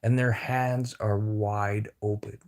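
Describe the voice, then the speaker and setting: A man's voice: lowish voice, little pitch movement, takes it slowly, darkish tone. A man livestreaming a casual, rambling chat with viewers over a phone, talking in a blunt, profane way.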